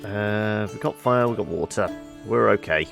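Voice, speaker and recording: A man streaming a game live, thinking aloud over his choices in a low, mumbly way. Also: normal speed, creaky, a bit bright, faint music behind. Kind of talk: live let's play commentary.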